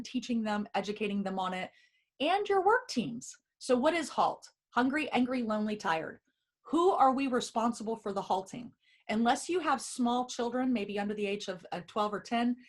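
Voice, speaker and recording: A woman presenting a wellness webinar, encouraging the audience and reading their chat replies aloud. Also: medium pitch.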